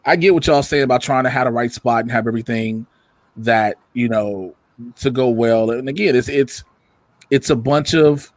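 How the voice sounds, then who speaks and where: A man chatting casually from his home setup, telling animated stories, loudly acting out quotes and swearing freely. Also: medium pitch, normal speed, dry recording. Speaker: guest. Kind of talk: casual chat. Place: home room with a computer setup. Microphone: computer mic or camera.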